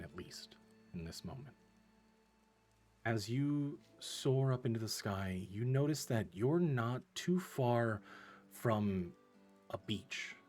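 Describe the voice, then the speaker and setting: Man narrating as a husky game master. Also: sits low. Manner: vivid descriptive narration, rising intensity in danger.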